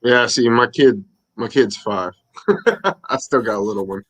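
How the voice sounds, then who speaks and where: A man's voice: on the low side, unhurried, fairly bright tone. A man in his thirties co-hosting a casual chat, joking, swearing and laughing often. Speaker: co-host.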